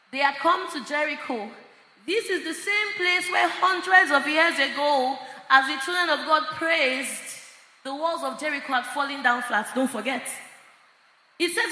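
A woman preaching a sermon at a church prayer service, often shouting as she preaches. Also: high voice. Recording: echoey church hall.

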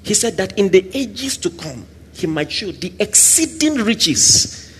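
Animated high-voiced male preacher. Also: unhurried, slightly rough. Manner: animated, swings between loud exclamations and soft asides; acts out little scenes with quoted voices and laughter. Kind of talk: sermon.

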